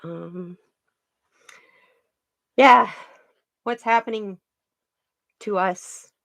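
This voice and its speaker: A woman's voice: mid-range voice, very slow, gravelly, dry recording. Earnest woman telling a story, dry sound. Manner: earnest, animated, trailing restarts. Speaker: card reader and channel host. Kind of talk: casual storytelling chat.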